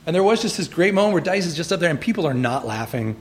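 A middle-aged man chatting as a guest in an interview, animated and acting out quoted lines with laughter. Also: fairly high pitch, quick pace. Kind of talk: casual interview chat.

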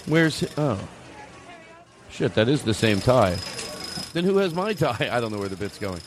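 A middle-aged man hosting a comedy podcast, rambling excitably through an improvised bit. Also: mid-range voice, noisy background. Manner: excitable, rambling, quick restarts.

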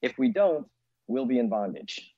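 A man's voice: medium pitch, big pitch swings, moderate pace, highs cut off. A male guest giving earnest, emphatic interview answers.

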